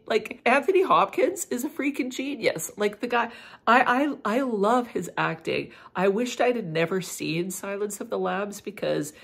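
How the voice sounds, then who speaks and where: A woman's voice: mid-range voice, lively intonation, moderate pace, vocal fry, breathy edge. A middle-aged woman vlogger chatting casually and animatedly about fragrances, full of "like" fillers. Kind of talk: casual chat.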